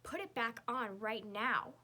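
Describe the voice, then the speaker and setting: A woman's voice: fairly high pitch, a little slow, pushed and bright. A woman voicing a mean, bossy third-grade girl who huffs, sneers and whines dramatically in a children's storybook reading. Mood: bossy sneering. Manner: huffy, sneering, dramatic whining.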